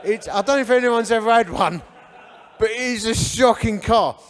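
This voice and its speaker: A guest speaker from Hornchurch, England tells his life story with humor in a church hall, acting out the dialogue. His voice is very high-pitched at normal speed, and the room sounds echoey.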